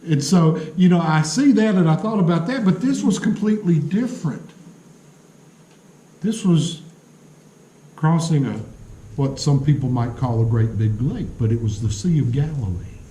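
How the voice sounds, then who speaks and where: A man preaching in a church sanctuary, his mellow, slightly high voice carried by a roomy echo. He tells stories earnestly, slowing down and pausing for effect. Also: lively intonation. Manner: earnest storytelling delivery with dramatic pauses. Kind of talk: sermon.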